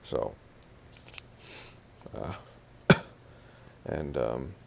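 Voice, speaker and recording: A man's voice: rumbling low, lively intonation, very slow, creaky, mellow. A young man ranting in an audio vlog, annoyed and mimicking his family as he tells what happened. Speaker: vlogger.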